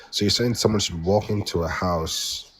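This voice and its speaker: A man's voice: deep voice, steady tone, unhurried, a bit bright, poor audio. A man from England with an English accent, arguing as a debate guest, hesitant, with many repeated words and restarts. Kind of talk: heated online debate.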